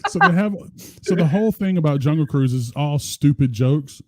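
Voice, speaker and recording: A man's voice: fairly high pitch, animated, normal speed, no room sound. A man, co-hosting a podcast in casual, profane, joking chat. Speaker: podcast co-host.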